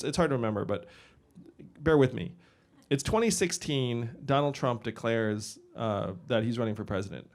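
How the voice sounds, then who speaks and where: Man giving a chatty campaign speech. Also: mid-range voice. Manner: conversational, quick asides and imitated voices, laughs with audience. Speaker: political candidate speaking to a crowd. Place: event venue with a live audience.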